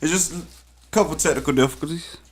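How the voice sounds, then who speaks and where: A man's voice: on the high side, fast talker. A man hosting a casual live talk show, talking in a laid-back way and speaking straight to his audience. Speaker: host. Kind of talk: casual chat.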